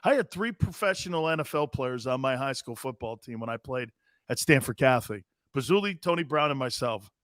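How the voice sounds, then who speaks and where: A man from Connecticut hosting a sports talk show, rambling excitably, laughing often and talking in a casual way. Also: medium pitch, a little fast, no room sound, clean studio sound. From Connecticut, United States.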